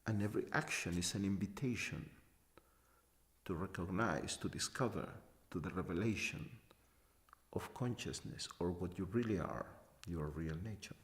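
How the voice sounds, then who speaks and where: A man giving a spiritual talk as a teacher, halting and repeating short phrases for emphasis. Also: sits low. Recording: long hall reverb.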